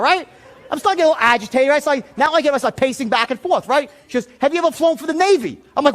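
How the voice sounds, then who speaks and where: Sales trainer, male, higher voice, acts out the story at full volume, lots of swearing. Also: fast. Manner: animated, profane, often shouting while acting out the story. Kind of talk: storytelling seminar talk.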